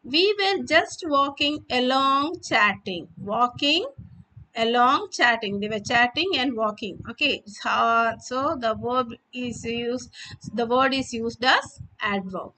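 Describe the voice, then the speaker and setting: Woman teacher, high bright voice, patient and explanatory. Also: lively intonation, slow, rough recording. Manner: patient, repeats and rephrases, asks and answers her own questions. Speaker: English teacher. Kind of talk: explaining textbook exercises to students.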